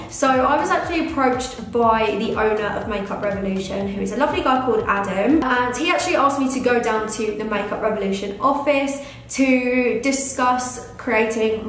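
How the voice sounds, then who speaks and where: Young British woman, beauty vlogger, gushing and teary, slightly high voice, heavy room echo. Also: fairly bright tone. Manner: gushing, emotional, many restarts. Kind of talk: casual talk to camera. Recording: very echoey room.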